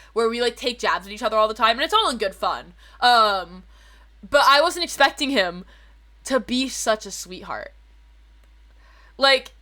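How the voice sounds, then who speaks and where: A woman's voice: on the high side, bright, forceful tone. A woman streamer chatting casually to her viewers, telling a rambling story, swearing freely and correcting herself as she goes.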